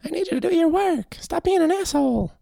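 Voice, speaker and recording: A man putting on the voice of a jaded, scolding toy-bear teacher, slow and stern. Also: very high voice, lively intonation, creaky, mellow, no room sound, clean studio sound, pitched above the performer's own voice, exaggerated voice. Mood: exasperated.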